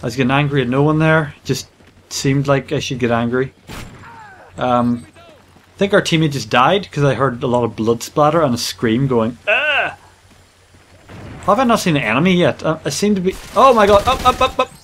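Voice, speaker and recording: A man giving casual gameplay commentary as a gaming channel host, playful and jokey with excitable rambling. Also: mid-range voice, brisk, slight background noise.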